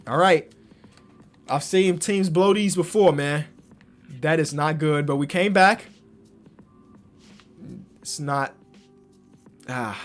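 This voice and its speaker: A young man giving slangy commentary on a basketball video game, swinging from low muttering to loud excited yelling. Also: unhurried, pauses often, soft background music. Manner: slangy, talks to himself about the game. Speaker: gaming YouTuber.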